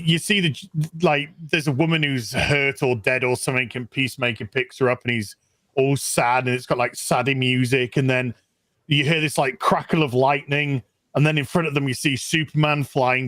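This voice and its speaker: A man co-hosting a casual video call chat, retelling a scene in an animated, profane way. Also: mid-range voice, no room sound. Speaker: podcast co-host.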